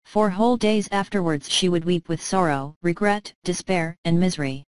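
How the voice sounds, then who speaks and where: Smooth low-voiced woman narrating a story. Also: no echo, poor audio. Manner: calm, measured storytelling. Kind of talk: scripted narration.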